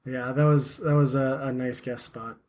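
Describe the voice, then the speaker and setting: A man in his thirties chatting as a podcast host, with a voice of middling pitch. He rambles loosely, packs his sentences with filler words and often pokes fun at himself. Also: steady tone, normal speed, darkish tone. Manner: rambling, lots of "like" fillers, self-deprecating. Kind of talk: casual podcast chat.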